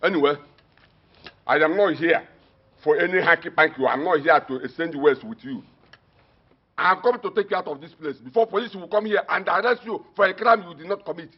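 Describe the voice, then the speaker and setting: An actor voices a taunting Nigerian man with a husky, fairly high voice. His sneering words come through dull film sound. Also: a little fast, close to an everyday voice. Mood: scornful. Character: scornful male relative, mocking.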